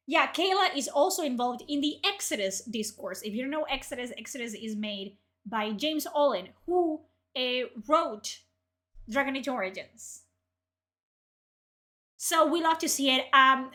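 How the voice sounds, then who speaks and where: A young woman, furiously ranting and swearing as she reacts to articles on her stream. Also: sits high. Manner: furious, profane, shouting outbursts. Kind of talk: angry ranting commentary.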